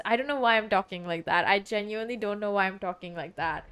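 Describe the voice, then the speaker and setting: A woman's voice: medium pitch, quick pace, few pauses, fairly bright tone, smooth. A woman streamer giving casual, joking gameplay commentary, chatty and sometimes swearing.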